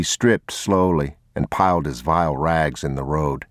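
A man narrating an audiobook in a slow, measured, somber manner. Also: extremely low pitch, no echo, studio quality. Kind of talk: scripted narration.

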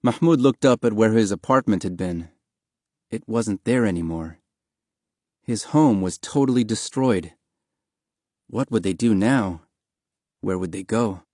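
Low-voiced male audiobook narrator. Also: dry recording, studio quality. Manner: steady, measured storytelling.

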